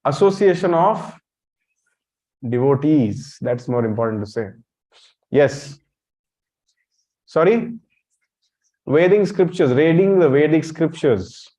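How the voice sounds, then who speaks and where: A man's voice: a little high, animated, slow, pauses often, mellow. A man giving a temple lecture, blunt and teasing, quizzing his audience and calling on listeners directly. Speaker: monk lecturer. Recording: dull lo-fi recording.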